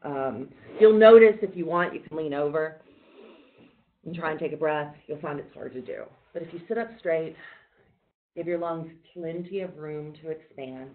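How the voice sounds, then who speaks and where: A woman mindfulness instructor leading a workshop, talking people through deep breathing in a calm, reassuring, conversational way. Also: normal speed. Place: workshop room. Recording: echoey room on a tinny, phone-like line.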